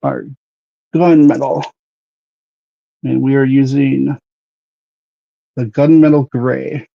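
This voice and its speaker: A man's voice: medium pitch, little pitch movement, takes it slowly, creaky, muffled recording. A man hosting a livestream, chatting casually while airbrushing a model and greeting viewers by name. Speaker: livestream host.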